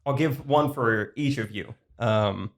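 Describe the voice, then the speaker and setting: A man's voice: mid-range voice, slow, slight background noise. A young man co-hosting a podcast, prompting guests with loose questions in casual chat. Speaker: podcast co-host.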